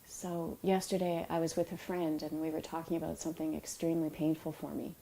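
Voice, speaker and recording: A middle-aged woman, an author, giving a reflective talk about emotions in a soft, unhurried and tender way, with pauses. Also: low-pitched, level tone, vocal fry, low-quality recording. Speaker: author and yoga teacher.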